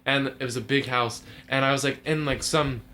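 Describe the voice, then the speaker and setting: A man's voice: medium pitch, fairly even intonation, moderate pace, sharp tone, slight background noise. A young man telling a long story to friends, rambling with lots of fillers and laughing through his words. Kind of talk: casual storytelling among friends.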